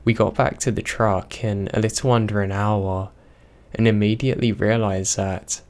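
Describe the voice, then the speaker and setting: A young man reading horror stories aloud, in a slow, even storytelling manner. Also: on the low side. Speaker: narrator.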